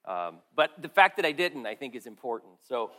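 A middle-aged man preaching a sermon, earnest and conversational, swinging from strong emphasis to quiet asides with frequent restarts. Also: medium pitch, big pitch swings, brisk. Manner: earnest, rises and falls in loudness, drops to quiet asides; conversational with restarts and repeated words. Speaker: pastor.

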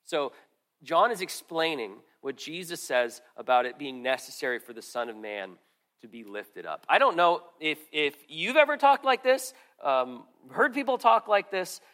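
A middle-aged man preaching a sermon, earnest and conversational, swinging from strong emphasis to quiet asides with frequent restarts. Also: fairly high pitch, expressive, moderate pace. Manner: earnest, rises and falls in loudness, drops to quiet asides; conversational with restarts and repeated words. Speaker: pastor.

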